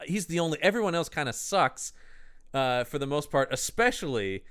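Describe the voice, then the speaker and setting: A man co-hosting a podcast who chats casually about a film in an animated, rambling, enthusiastic way. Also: a little high, normal speed, clear, resonant tone. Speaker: podcast co-host. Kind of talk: casual film-discussion chat.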